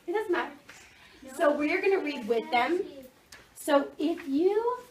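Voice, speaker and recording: A woman's voice: high-pitched, animated, unhurried. A woman teaching a second grade reading lesson, upbeat as she gives directions to the children. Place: classroom. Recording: echoey classroom from far off.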